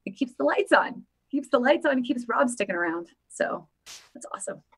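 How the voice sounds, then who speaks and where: A woman with a voice pitched a little high hosts a casual live stream about politics. She talks in an animated, emphatic way and keeps repeating her points for effect. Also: normal speed, breathy edge. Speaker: political commentary vlogger.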